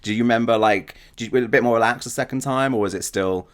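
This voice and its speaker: A man hosting a podcast interview, an eager fan who gushes and asks quick follow-up questions. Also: mid-range voice, clear, resonant tone. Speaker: podcast host.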